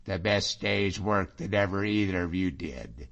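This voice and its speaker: A man voicing a bold, wily middle-aged Scottish Highlander, hearty and mocking, in a dull lo-fi audiobook recording. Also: animated, unhurried, vocal fry, fairly bright tone, heavily acted.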